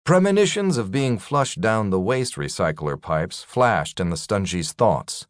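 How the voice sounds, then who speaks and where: A male audiobook narrator giving a measured, expressive reading of a science fiction story. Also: fairly low pitch, no room sound, studio quality. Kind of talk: scripted narration.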